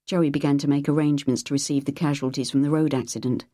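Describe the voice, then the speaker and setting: Low, mellow woman narrating an audiobook. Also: fairly even intonation, fast, few pauses, no room sound, studio quality.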